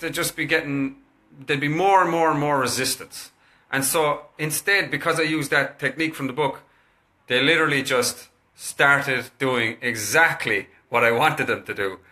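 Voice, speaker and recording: A man, chatting casually to camera and telling a story in a lively, animated way. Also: mid-range voice. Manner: chatty, animated, acts out what he said to his kids. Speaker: kinesiologist recommending a parenting book.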